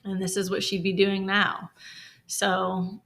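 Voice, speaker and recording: A woman co-hosting a podcast in an open, heartfelt conversational style, with a bright, clear edge to her voice. She talks frankly and sometimes swears. "Like" keeps spilling into her sentences. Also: mid-range voice, monotone, takes it slowly. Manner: emotional, open, heavy use of "like". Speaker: podcast co-host. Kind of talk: candid conversational podcast talk.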